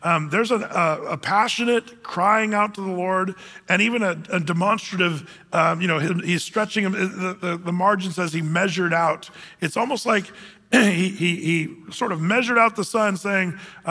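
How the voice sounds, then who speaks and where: Bright-voiced pastor in a reverberant hall. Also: male voice, high voice, normal speed. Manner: conversational, many fillers and restarts, acts out scripture quotes. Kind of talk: casual Bible teaching.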